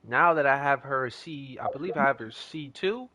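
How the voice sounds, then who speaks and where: A man's voice: mid-range voice, moderate pace, pushed and bright, no room sound. A young man chatting casually as a gaming streamer, telling a rambling story in slangy talk.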